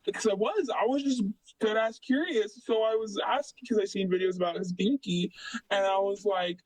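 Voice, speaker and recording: A young man telling a story casually as an interviewee, rambling with many fillers and animated retellings. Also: high voice, normal speed, no room sound, low-quality recording.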